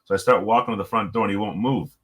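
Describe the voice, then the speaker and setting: Fast-talking man telling stories. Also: on the low side. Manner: lively anecdotal storyteller. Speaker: podcast guest. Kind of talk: conversational storytelling.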